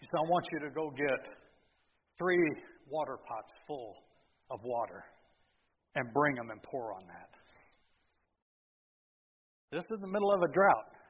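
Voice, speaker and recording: A male pastor preaching a sermon, retelling the story with lively, sarcastic asides to the congregation. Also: medium pitch, measured pace, pauses often, slightly rough, long reverb tail, highs cut off. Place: church sanctuary.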